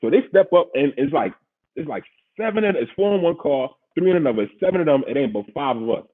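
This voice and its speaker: A man's voice: a little high, lively intonation, fast talker. A man from Queens with a New York accent, telling a story in casual, slangy podcast talk and laughing often. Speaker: podcast host, former pro football player. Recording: husky voice over tinny phone-like line.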